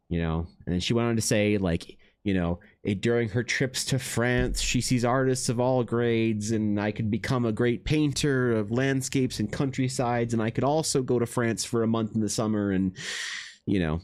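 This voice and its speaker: A young Canadian man, an artist streamer, telling an animated, swear-laced story in casual chat with lots of restarts. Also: mid-range voice, moderate pace, faint music behind.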